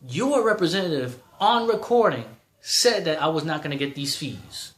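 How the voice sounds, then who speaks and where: A man's voice: on the high side, sing-song, moderate pace, few pauses, fairly bright tone, roomy sound. A man in his thirties ranting in a vlog, heated and exasperated, repeating himself. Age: 30s. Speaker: vlogger.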